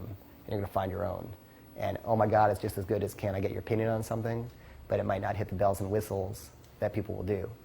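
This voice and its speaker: A man's voice: on the low side, gravelly, darkish tone, a little hiss or hum. A man teaching a casual seminar as a dating coach, rambling with lots of "like" and "you know" and the odd curse.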